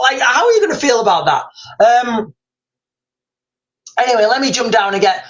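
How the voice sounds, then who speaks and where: A man's voice: very high-pitched, lively intonation, fairly bright tone, poor audio. A man hosting a livestream, ranting and rambling with emphatic repetition. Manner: rambling, fast and emphatic, repeating himself. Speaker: livestream host.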